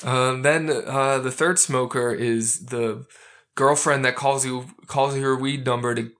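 A man with a mid-range voice lays out a film's story beat by beat in easy conversation. He chuckles now and then and keeps a steady, casual flow. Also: medium pitch, unhurried. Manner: narrates plot step by step, chuckling. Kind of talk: casual chat recapping a film.

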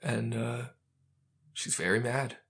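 A man with a mid-range voice lays out a film's story beat by beat in easy conversation. He chuckles now and then and keeps a steady, casual flow. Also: mid-range voice, slow. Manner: narrates plot step by step, chuckling. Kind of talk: casual chat recapping a film.

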